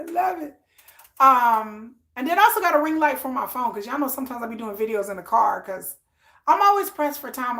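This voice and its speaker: A woman's voice: fairly high pitch, vocal fry. A woman from Texas chatting casually on a livestream, telling stories and acting out voices. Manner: animated storytelling, acts out voices. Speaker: livestream host. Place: home room with ring lights.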